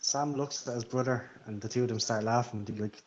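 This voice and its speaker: A man's voice: medium pitch, steady tone, fairly quick. A man narrating as game master in a tabletop game, in a loose, joking way. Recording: lo-fi with faint noise.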